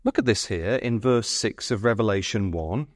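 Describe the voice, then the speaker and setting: A man's voice: lowish voice, normal speed, no echo, clean studio sound. A man preaching a sermon at a Bible school, earnestly pressing his listeners with repeated questions and stumbling over his words when stirred.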